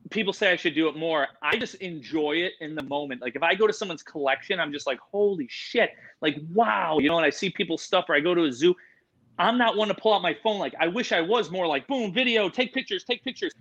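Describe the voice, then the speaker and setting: A man who breeds reptiles, telling stories in casual chat with lots of fillers and swearing, getting animated. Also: a little high, quick pace, highs cut off.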